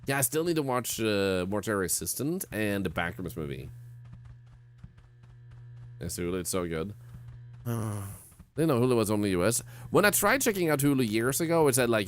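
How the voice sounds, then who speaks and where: A man's voice: on the low side, animated, normal speed, long pauses, soft background music. A man streaming a horror game, chatting casually with viewers, rambling and stammering with self-mocking jokes. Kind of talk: casual livestream commentary while playing.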